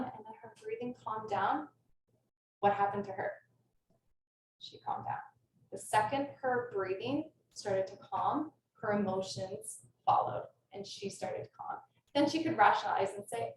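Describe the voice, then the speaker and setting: A woman who teaches kindergarten, giving an earnest, passionate talk to an audience over a video call. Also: medium pitch. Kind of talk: presentation to an audience. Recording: echoey room, distant mic, faint noise.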